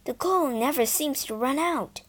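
A woman doing a soft-spoken, worried mother. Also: sits high, a little slow, voice pushed up. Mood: weary. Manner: soft and hushed. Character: gentle, worried poor mother.

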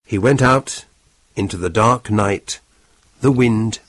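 A man reading a graded audiobook aloud with slow, clear storytelling. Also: on the low side, fairly bright tone, dry recording, clean studio sound. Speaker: narrator.

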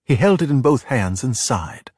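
A middle-aged man reading a children's storybook aloud in a steady, plain way. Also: mid-range voice, normal speed, breathy edge, no echo, studio quality. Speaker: narrator.

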